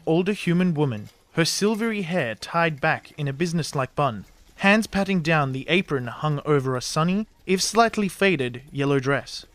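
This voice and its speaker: A man reading scripted fantasy narration in a measured storytelling manner. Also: a little high. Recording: narration over soft fantasy music.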